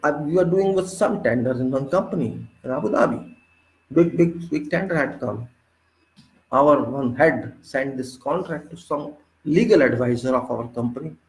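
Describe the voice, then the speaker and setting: A man with an Indian accent giving an unscripted engineering lecture, forceful and indignant, pressing his points with sharp rhetorical questions. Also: medium pitch, moderate pace, roomy sound, low-quality recording. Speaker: civil engineering instructor.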